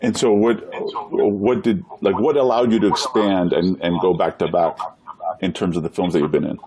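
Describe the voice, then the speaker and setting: A man's voice: low-pitched, steady tone, normal speed, a crowd in the background. A man hosting a casual live-stream interview, upbeat, asking questions and urging viewers to share. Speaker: live show host.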